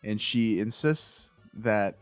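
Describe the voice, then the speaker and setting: A man's voice: on the low side, slow pace, smooth, faint music behind. A man co-hosting a podcast, casually recapping a TV episode, saying "like" often and acting out quotes. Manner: retells scenes with filler likes and acted quotes. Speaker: podcast co-host.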